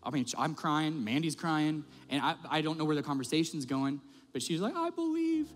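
A male pastor preaches in a slightly raised voice, animated and conversational as he tells stories. His voice carries a long hall reverb, with faint music playing underneath. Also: a little high, brisk. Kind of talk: sermon. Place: church auditorium.

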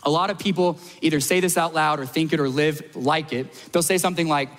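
A man's voice: fairly high pitch, steady tone, a little fast, few pauses, fairly bright tone, long reverb tail. A man preaching a sermon as pastor at a church service, emphatic, repeating lines and building to peaks.

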